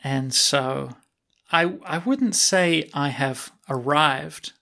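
Gravelly-voiced male podcast host. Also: on the high side, drawn-out words, sharp tone. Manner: frank and self-deprecating, laughs often. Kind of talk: candid podcast talk.

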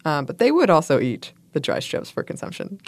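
Brief: woman podcast co-host, lower voice, dry close sound, chatty and playful. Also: huge pitch swings, fairly quick, dry recording. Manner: chatty, laughs often, playful asides. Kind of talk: casual chat, reading food history notes.

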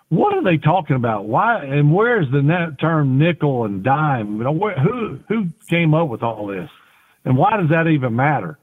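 A man, a former quarterback, telling rambling, folksy stories with many restarts as a podcast guest. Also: fairly high pitch. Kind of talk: casual interview storytelling. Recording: tinny phone-like audio.

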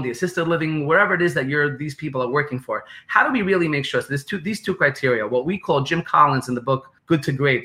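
A New York-accented man, guesting on a podcast, lays out business ideas with real animation, repeating phrases and acting out quotes. His pitch sits in the medium range.

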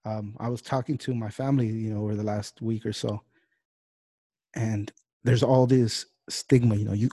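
A man's voice: fairly low pitch, fairly even intonation, mellow, breathy edge, no echo, clean studio sound. A man hosting a podcast, ranting heatedly and swearing freely in casual talk. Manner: heated, profane, fast-talking rants. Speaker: podcast host. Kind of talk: casual political rant.

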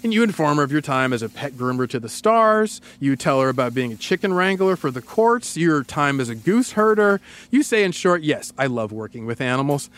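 A man's voice: on the high side, very animated, brisk, hardly any pauses, fairly bright tone. A man hosting a podcast, telling a story in a playful, comic way and laughing often. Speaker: podcast host. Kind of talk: casual comedic storytelling.

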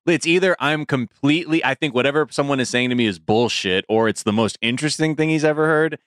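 A man co-hosting a podcast in casual, joking chat, slipping into quick impressions. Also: mid-range voice, fairly bright tone, clean tone, no echo, clean studio sound. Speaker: podcast co-host.

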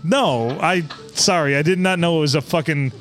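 A man co-hosting a podcast, joking loudly in crude casual banter. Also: a little high, normal speed, faint music behind. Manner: loud, joking, animated. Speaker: podcast co-host.

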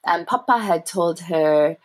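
A woman's voice: lowish voice, slow. Reflective young woman telling family stories. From grew up in England, family from Sri Lanka. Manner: thoughtful, warm, laughs softly, frequent fillers. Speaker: interview guest. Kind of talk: reflective personal storytelling.

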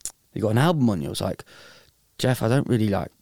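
Brief: easygoing young host, rambling and jokey, dry close mic. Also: male voice, fairly low pitch, expressive, fast talker, vocal fry, warm tone, no room sound. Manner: laid-back, rambling, laughs easily. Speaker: host of a phone-in show. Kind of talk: casual chat.

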